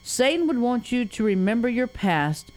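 A woman's voice: on the high side, sing-song, normal speed, a little mellow, soft background music. Woman solemnly reading a devotional poem. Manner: solemn, tender reading with rising and falling phrases. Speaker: guest poet.

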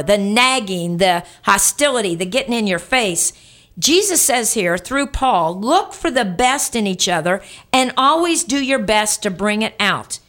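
A woman pastor delivers a sermon in a somewhat high voice. She is emphatic and lively, and she keeps drawing her listeners in with questions. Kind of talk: preaching a sermon.

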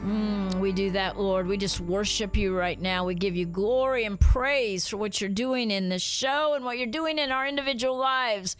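A woman pastor hosting a radio ministry show, praying and preaching in a fervent, drawn-out way. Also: mid-range voice, faint music behind. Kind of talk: radio ministry talk and prayer. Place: radio studio.

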